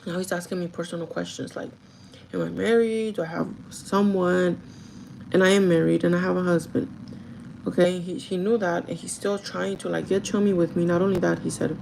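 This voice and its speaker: A woman's voice: fairly low pitch, little pitch movement, fast talker, vocal fry, a little mellow, a little hiss or hum, low-quality recording. A woman who works as a store manager tells a casual, gossipy story to her livestream chat, full of "like" and the odd swear word. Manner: chatty and gossipy, with frequent "like" and swearing.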